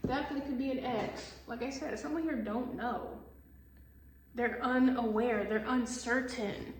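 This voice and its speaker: A woman's voice: fairly high pitch, steady tone, normal speed, far from the mic. Blunt, profane woman tarot reader. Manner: blunt, profane, exasperated, laughs often. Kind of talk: casual tarot reading. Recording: echoey room with faint hiss.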